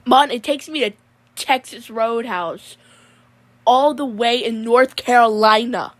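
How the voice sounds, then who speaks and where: A woman's voice: fairly high pitch, slow pace. A woman doing a drawling mullet-haired dude. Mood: rambling. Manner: drawling, rambling, keeps saying "mon". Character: goofy laid-back young guy with a mullet. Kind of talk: comedic character monologue.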